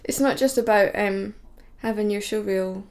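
A woman's voice: mid-range voice, moderate pace, a crowd in the background. A woman co-hosting a podcast, talking in a chatty, teasing way with lots of fillers. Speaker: podcast co-host. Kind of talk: casual chat.

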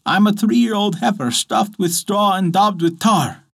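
A man's voice: high voice, unhurried, a bit bright, pitched above the performer's own voice, exaggerated voice. A man doing a sing-song talking straw heifer. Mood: calm.

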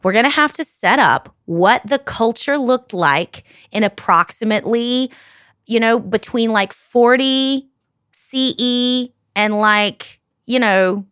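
A woman talking casually on a podcast, chatty and quick to swear. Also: fairly high pitch, fairly bright tone, smooth, no echo, studio quality. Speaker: guest presenter.

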